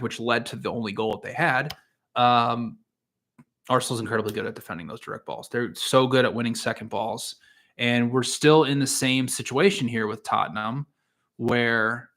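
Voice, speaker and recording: Man, casual solo podcast host, rambling, lots of fillers, mid-range pitch. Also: sharp tone. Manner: rambling, frequent fillers and restarts. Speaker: podcast host and soccer analyst.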